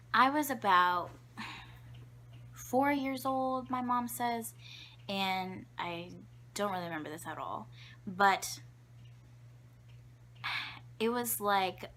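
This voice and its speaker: Young woman vlogger, bright tone, giggly and rambling, a faint hum behind her. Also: medium pitch. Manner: chatty, giggly, lots of fillers; drops to a whisper for asides. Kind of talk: casual storytelling to camera.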